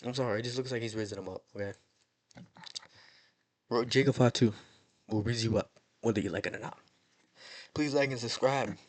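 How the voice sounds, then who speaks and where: A young man from the United States talks through a wrestling show in a loose, rambling way. He jokes around, drifts between mock drama and everyday chat, and sits at an ordinary pitch for a man. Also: fairly quick, pauses often. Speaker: wrestling show recap host. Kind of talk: casual chat.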